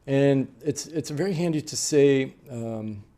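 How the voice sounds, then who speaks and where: Teaching note-taking to a class, this middle-aged American interpreter trainer explains patiently, though with frequent fillers and restarts. His voice is medium in pitch and dark in tone, and his pace is a little slow.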